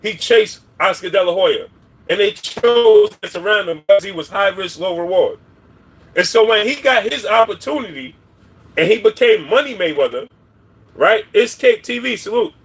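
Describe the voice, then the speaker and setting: Livestream host: a man with a high, husky voice, casual and rambling, greeting the chat. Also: expressive, moderate pace. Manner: rambling, shouts out viewers by name. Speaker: boxing commentary livestream host.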